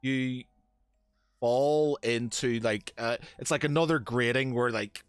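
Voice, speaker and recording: A man's voice: medium pitch, clean tone, dry recording, faint music behind. A man narrating as game master, hesitant with many fillers and restarts. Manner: halting, lots of fillers and restarts.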